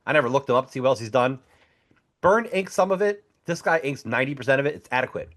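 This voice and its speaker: A man's voice: medium pitch, lively intonation, quick pace, a bit bright. A man co-hosting a comics podcast, chatting bluntly and with enthusiasm. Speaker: podcast co-host. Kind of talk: casual chat reviewing comics and movies.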